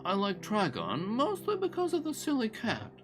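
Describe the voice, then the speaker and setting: Grumbly cat with messy fur for a visual novel, sing-song pitch leaps, music under it from a guy doing voices. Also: wildly swooping pitch, moderate pace. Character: grumpy tangled-furred young cat. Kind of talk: voice-acting a visual novel on stream. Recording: music playing behind.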